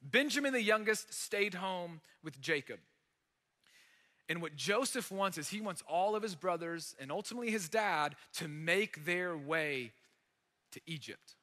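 A man preaching in a large church hall, his voice high and strikingly bright. He tells the story in an animated, conversational way, leaning hard on dramatic moments, while a long reverb trails after each phrase. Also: unhurried. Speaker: pastor. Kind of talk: sermon.

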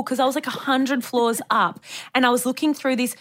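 A woman's voice: high voice, fairly even intonation, brisk. A young woman co-hosting a podcast, chatting casually, laughing often and swearing freely. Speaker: podcast co-host. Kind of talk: casual chat.

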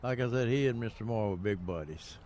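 A man's voice: on the low side, fairly quick, a little mellow, slight background noise. An older man co-hosting a gardening radio show, telling rambling stories with lots of fillers and chuckles. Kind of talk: casual radio chat.

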